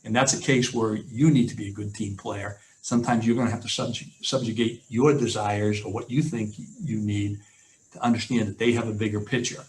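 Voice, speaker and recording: A man's voice: fairly low pitch, steady tone, a little fast, low-quality recording. A man, a former football coach, telling a story in a seminar over a video call, in a conversational way with many fillers. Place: home office on a video call. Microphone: video call mic.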